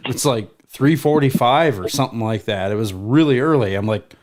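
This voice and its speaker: A man's voice: medium pitch, normal speed, darkish tone. Male co-host, easygoing chat, dry quips. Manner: joking, wry asides. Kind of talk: casual chat.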